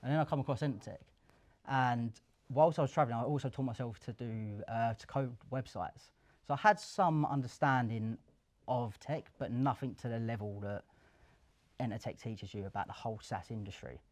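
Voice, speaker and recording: A young man tells his story at a live event in an office. He is chatty and lively, slipping into the voices of the people he quotes. His voice sits at an ordinary middle pitch. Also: normal speed. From Essex, England. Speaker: guest, career switcher. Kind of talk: casual storytelling interview.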